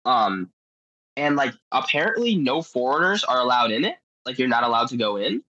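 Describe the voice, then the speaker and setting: Muffled audio with no echo carries a man's mid-range voice at a normal pace. Guesting on a podcast, he tells adventure stories animatedly, rambling casually with plenty of "like" fillers.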